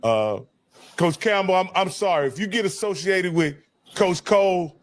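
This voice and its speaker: A man with a notably high voice, co-hosting a sports chat show. He jokes easily, laughs often and thanks the guests earnestly. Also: expressive. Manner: playful, quick laughs, heartfelt thanks. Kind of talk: casual chat.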